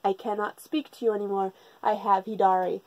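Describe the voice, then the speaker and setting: A woman voicing an awkward teenage boy who explains himself bluntly and haltingly. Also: mid-range voice, level tone, dark tone, no room sound, highs cut off, lightly acted.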